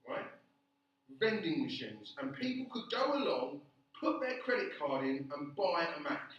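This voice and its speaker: A man giving a classroom lecture, animated, often checking in with the class by asking "yeah?". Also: on the high side. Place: lecture room. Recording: echoey classroom, distant, dull.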